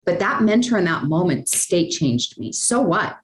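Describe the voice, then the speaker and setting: A woman guest in a podcast interview, telling a personal story in a lively, chatty way, often tossing in "like" and "right?". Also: on the low side, moderate pace, few pauses, roomy sound. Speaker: guest, speaker and sales coach.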